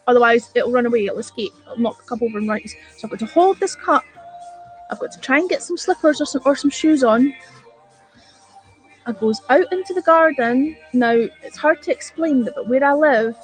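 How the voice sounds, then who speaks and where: Swearing woman telling a comic story. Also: high-pitched. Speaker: livestream host. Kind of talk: casual livestream storytelling.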